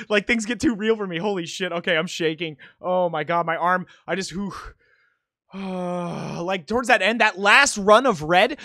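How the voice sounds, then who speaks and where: A young man streaming a rhythm game, chatting casually, swearing freely and shouting when he celebrates. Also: sits high, dry recording, studio quality. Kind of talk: casual live-stream chat while gaming.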